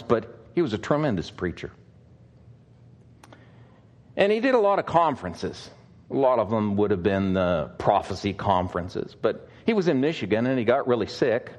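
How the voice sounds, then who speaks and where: A male pastor preaching a sermon, telling stories conversationally with frequent fillers. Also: mid-range voice.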